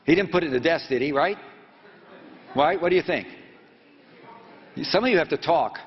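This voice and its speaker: A man in his seventies, a reporter telling a story and quizzing students in a lecture hall, halting and full of fillers. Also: a little high, expressive. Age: 70s. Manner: prods the audience with quick questions. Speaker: reporter giving a talk to students. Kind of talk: lecture storytelling with audience questions. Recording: echoey hall, dull lo-fi sound.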